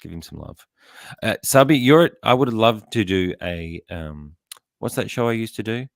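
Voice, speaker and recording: A man's voice: fairly low pitch, lively intonation, moderate pace, vocal fry, no echo, clean studio sound. A middle-aged man, hosting a casual chat and laughing often as he rambles. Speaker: podcast host.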